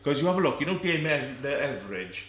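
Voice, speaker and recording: A man co-hosts a relaxed podcast from a rugby clubhouse bar. His talk is lively and full of repeats and laughter. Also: medium pitch, fast talker, a little hiss or hum. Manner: animated, repeats himself, laughs a lot. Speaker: podcast co-host. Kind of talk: casual pub chat.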